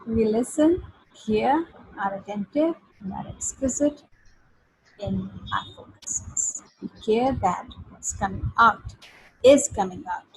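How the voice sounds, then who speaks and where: A woman's voice: fairly high pitch, lively intonation, unhurried, slightly rough, low-quality recording. Hesitant woman reading a text aloud. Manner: hesitant, many fillers and restarts. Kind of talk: halting read-aloud and discussion.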